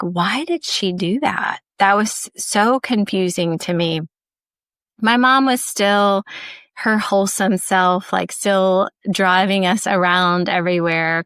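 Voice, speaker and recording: A woman podcast host tells personal stories in a candid, reflective way. Her voice sits a little low, and she often says "like" and laughs softly. The sound is close and dry. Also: clean tone, no echo. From Ohio, USA. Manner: candid, soft, with frequent "like" and light laughs.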